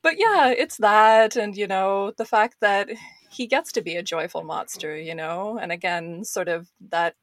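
A woman's voice: on the low side, normal speed, dry recording. A woman speaking as a podcast guest, analysing comics with enthusiasm and many casual fillers.

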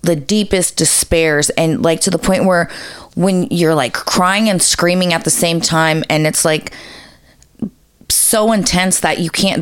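A woman's voice: lowish voice, clean tone, dry recording, studio quality. A woman co-hosting a podcast, telling a story in a casual, profane way with lots of fillers. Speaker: podcast co-host.

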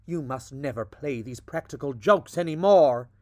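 A man voicing an angry, worried Victorian father who scolds loudly. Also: medium pitch, expressive, normal speed, no room sound, studio quality, close to an everyday voice. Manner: loud, stern, scolding.

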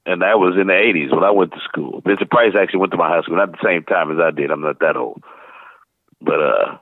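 Deep-voiced man over a tinny phone line. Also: fast, no echo. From St. Louis, USA. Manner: rambling, animated anecdotes, slips into voices. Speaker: interview guest, voice actor. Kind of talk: casual storytelling interview.

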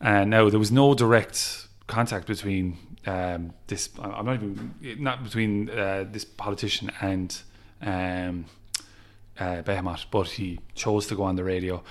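An Irish man, a music festival promoter, chatting on a podcast and telling lively stories, acting out other people's lines and laughing often. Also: lowish voice, a little slow. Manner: animated storyteller who acts out quotes and laughs often. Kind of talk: casual podcast interview, storytelling.

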